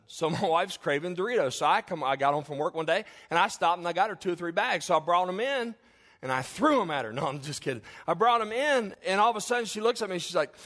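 A man's voice: high voice, a bit bright. A middle-aged man preaching a sermon as a pastor, telling stories with humor and speaking straight to the congregation. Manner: humorous storytelling, addresses the congregation directly.

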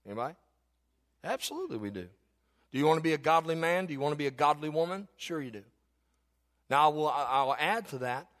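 A man preaching a sermon as a pastor, telling a personal story and building to fervent, shouted exhortation. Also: medium pitch, big-room sound.

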